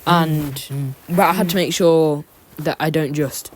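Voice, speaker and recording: A woman's voice: sits low, steady tone, slow pace, a little hiss or hum. A woman giving a rambling, self-deprecating voice-over as she draws, full of ums. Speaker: YouTuber narrating a drawing. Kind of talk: casual voice-over commentary. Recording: loud music behind the voice. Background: loud background music.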